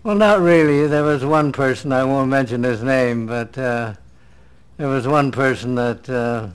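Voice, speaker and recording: Slow, smooth-voiced man recalling stories. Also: medium pitch. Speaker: actor from a classic TV series. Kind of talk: interview anecdote.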